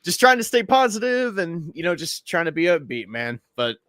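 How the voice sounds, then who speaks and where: A man's voice: fairly high pitch, sing-song, normal speed, a bit bright, no room sound, studio quality. A man in casual podcast chat, rambling with stammers and frequent laughs.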